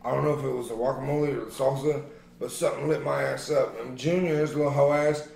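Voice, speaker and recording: A man's voice: mid-range voice, fast talker, vocal fry, a little hiss or hum. A man co-hosting a casual podcast, telling rowdy, profane stories to his friends. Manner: profane, animated storyteller. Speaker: podcast co-host. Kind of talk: casual chat among friends. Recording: roomy echo.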